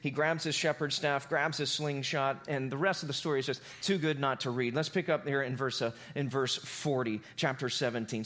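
A man preaching a sermon, retelling a scripture story in a loose, casual, animated way. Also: mid-range voice, normal speed, hardly any pauses. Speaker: pastor.

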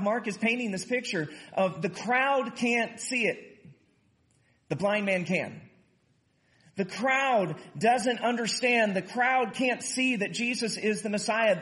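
Animated male preacher. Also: high voice. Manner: animated preaching, acts out quotes loudly, casual asides. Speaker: pastor. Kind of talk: sermon.

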